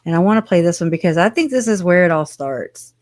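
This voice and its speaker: Livestream host, loose and rambling, mid-pitched voice with dry close sound, casual commentary with frequent laughs. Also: animated, quick pace, no room sound. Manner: rambling, chatty, swears, laughs often.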